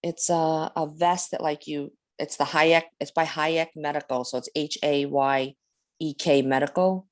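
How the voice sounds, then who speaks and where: A woman with a low voice talks on a video call, hesitant and apologetic, her sentences trailing off. She runs short of breath as she speaks and pauses to recover. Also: fairly even intonation. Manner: hesitant, apologetic, many fillers. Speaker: support group member. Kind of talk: casual group video call.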